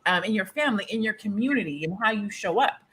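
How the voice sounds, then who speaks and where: A woman's voice: medium pitch, lively intonation, fast, a bit bright, husky. A woman on a panel who speaks emphatically and thoughtfully. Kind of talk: panel discussion.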